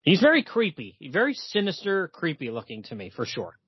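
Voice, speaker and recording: A man's voice: a little high, huge pitch swings, fairly quick, slightly rough, no room sound, muffled recording. A man hosting a podcast, casually chatting and reading comic-book dialogue aloud with light emphasis and frequent chuckles. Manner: reads quoted lines with light emphasis, chuckles often. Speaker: podcast host.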